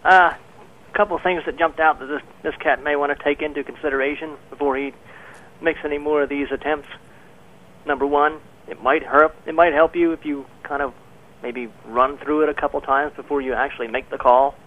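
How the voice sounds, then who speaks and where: A man's voice: on the high side, steady tone, a little fast. A man calling in to a radio show, dry, critical and profane. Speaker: caller. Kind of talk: casual radio call-in. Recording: tinny phone line.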